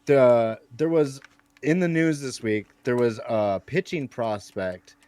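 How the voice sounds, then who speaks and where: A man's voice: medium pitch, slow pace, a little mellow, clean tone, no echo. A man co-hosting a casual chat show, laid-back, often giving short replies. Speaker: co-host.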